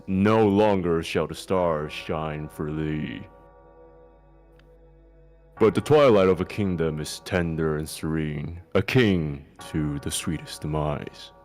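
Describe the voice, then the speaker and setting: A man voicing an ancient divine male deity in a slow, solemn, archaic declaiming manner. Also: low-pitched, soft background music, pitched below the performer's own voice.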